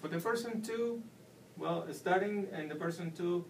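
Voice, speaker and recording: A man's voice: high-pitched, moderate pace, gravelly. A man giving a whiteboard lesson as a Spanish teacher, explaining patiently step by step. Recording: distant mic with faint room noise.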